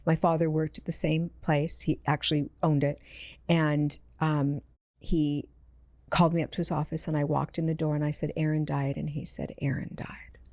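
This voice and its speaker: A woman's voice: low voice, level tone, normal speed, no echo, studio quality. A woman, an intuitive medium, telling personal stories in a conversation and acting out the voices of the people in them. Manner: earnest, acts out quoted voices in her stories. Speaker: intuitive medium, podcast guest.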